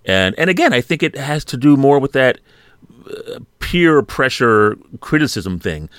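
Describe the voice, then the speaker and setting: A man's voice: lowish voice, fairly bright tone, dry recording, studio quality. A man hosting a casual film review chat, rambling and hesitant with frequent fillers. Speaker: podcast host.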